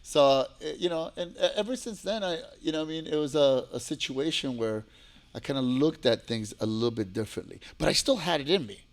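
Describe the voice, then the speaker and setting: A man in his forties from New York, a guest telling stories in a lively, profane, casual way. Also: fairly high pitch, a little fast. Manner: animated, profane, acts out quoted voices. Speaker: podcast guest, former fighter. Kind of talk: casual storytelling.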